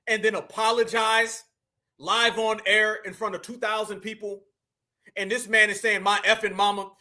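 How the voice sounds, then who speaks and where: A man's voice: high-pitched, sharp tone. A man giving heated, mocking reaction commentary on a live stream, confrontational and full of slang.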